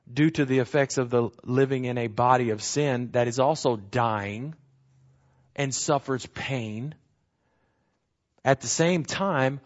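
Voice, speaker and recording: A man's voice: mid-range voice, lo-fi sound. A man teaching through bible verses in a sermon, explaining word meanings and repeating key phrases for emphasis.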